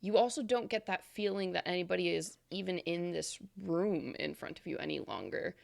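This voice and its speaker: A woman's voice: lowish voice, expressive, moderate pace, creaky, no echo, clean studio sound. A woman narrating a tabletop game as game master, describing the action with frequent fillers.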